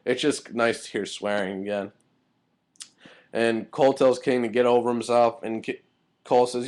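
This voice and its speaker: A man's voice: mid-range voice, steady tone, moderate pace, pauses often, a little mellow. A young man with an ordinary mid-range voice recaps a show in a casual, rambling way. He is heated and profane, with anger in his delivery. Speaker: wrestling show reviewer.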